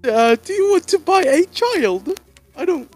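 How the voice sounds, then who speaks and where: A man's voice: very high voice, very animated, unhurried, music in the background, pitched above the performer's own voice, full character voice. A man voicing a silly male animatronic rabbit with an exaggerated, bad British accent in a Minecraft roleplay. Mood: goofy. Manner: goofy, hesitant.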